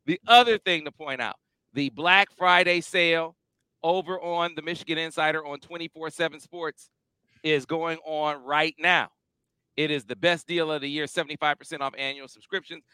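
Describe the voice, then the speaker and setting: Bright, high-voiced male sports host. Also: moderate pace, smooth, no room sound. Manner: energetic, emphatic, playful promo patter. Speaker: podcast host. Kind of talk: casual sports show chat.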